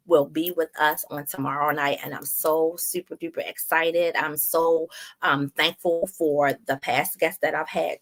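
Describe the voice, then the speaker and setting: A woman with a Baltimore accent hosting her own online show, chatty, laughing at herself and using many fillers. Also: low voice. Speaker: online radio show host. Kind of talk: casual announcements to viewers.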